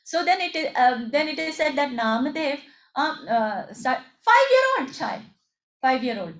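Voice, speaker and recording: A woman at a temple telling a devotional story in an animated way, acting out what the characters say. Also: high voice, measured pace. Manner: animated, acts out the characters' lines. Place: temple hall. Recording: echoey hall.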